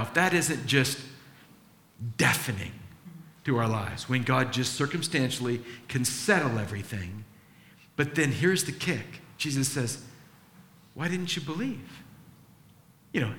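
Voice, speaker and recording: A man preaching a sermon, animated, acting out the voices of people in the story he tells. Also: medium pitch. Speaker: pastor. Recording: echoey hall.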